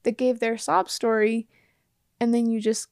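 A woman co-hosting a casual chat, telling an animated story, acting out the dialogue and often breaking into laughter. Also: a little high, measured pace, dry recording, clean studio sound. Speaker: podcast co-host.

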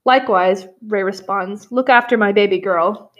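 A woman reads a romance novel aloud for laughs, her voice at an ordinary middle pitch. She keeps stepping out of the text to add dry, sarcastic remarks. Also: normal speed, lo-fi sound. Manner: wry, sarcastic asides between read passages. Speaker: podcast host reading a novel aloud. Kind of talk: comedic dramatic reading with commentary.

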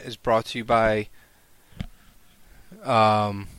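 A man hosts a casual podcast over a video call, his voice bright and forward. He talks with loud, animated energy and laughs easily. The sound is dry and close. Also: medium pitch, moderate pace, dry recording. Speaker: podcast host.

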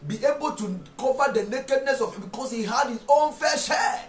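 A man preaching a sermon, repeating phrases and rising to shouted rhetorical questions. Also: very high voice, moderate pace. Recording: echoey room with faint music.

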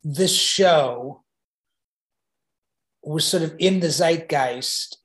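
A man being interviewed, telling an animated anecdote with frequent restarts and repeated words. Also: on the high side, extremely slow. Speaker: interview guest. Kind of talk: conversational storytelling. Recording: roomy echo.

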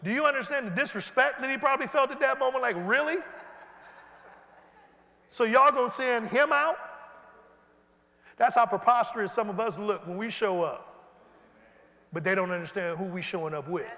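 A man preaching an animated sermon and leading the congregation in call-and-response. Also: high voice, moderate pace, long pauses. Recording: hall reverb.

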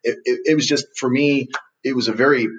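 A man, a podcast guest, telling a story with lively acted-out quotes. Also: mid-range voice, fairly quick, highs cut off. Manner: animated storyteller acting out quotes.

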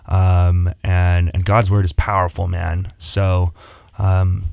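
Low-voiced earnest assistant pastor. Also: male voice, monotone, slow, creaky, no room sound, studio quality. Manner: earnest, warm about faith, quotes scripture. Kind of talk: casual radio talk show chat.

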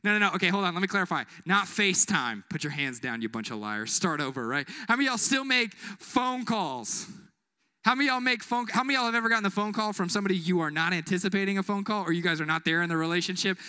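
High, bright-voiced young preacher, joking. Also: male voice, expressive, smooth. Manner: call-and-response, joking, acts out quick voices. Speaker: youth pastor. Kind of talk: energetic youth sermon. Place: church building.

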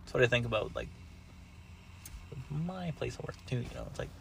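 A man's voice: mid-range voice, huge pitch swings, fairly quick, gravelly, a little hiss or hum, low-quality recording. A man co-hosting a podcast, talking in laid-back casual chat and chiming in with jokes. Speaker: podcast co-host.

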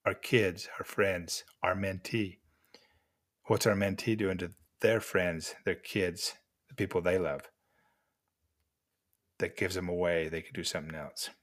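An older man giving gentle, encouraging life lessons to mentees at an unhurried pace with pauses. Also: sits low, fairly even intonation. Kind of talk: motivational talk to mentees.

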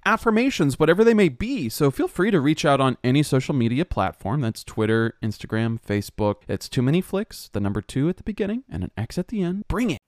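A man's voice: mid-range voice, sing-song, fairly quick, no echo, clean studio sound. A young man co-hosting a podcast, chatting casually with frequent fillers and restarts. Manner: hesitant, lots of fillers and restarts. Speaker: podcast co-host.

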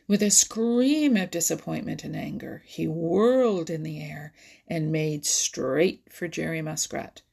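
A woman reading a children's animal story aloud, lively and expressive, sometimes dropping to a whisper. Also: sits low, a little slow, vocal fry, husky. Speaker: narrator.

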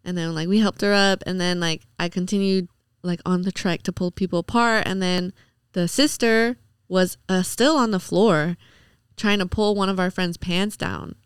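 Smooth-voiced young woman telling a story. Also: on the low side, moderate pace, no echo, studio quality. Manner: chatty, retells the night with quoted dialogue and "like"s. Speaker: podcast guest. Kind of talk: casual storytelling.

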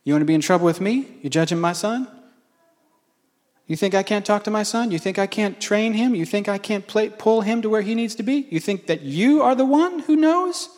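A stern divine Father fires off pointed questions in a firm, steady voice, as a male preacher puts him on. The voice rings out with a long hall reverb behind it. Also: on the high side, fast, few pauses, close to an everyday voice.

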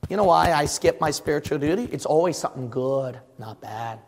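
A man's voice: a little high, lively intonation, fairly quick, darkish tone, in a large hall, a little hiss or hum. A man preaching a fervent sermon as pastor, firing rhetorical questions at his congregation.

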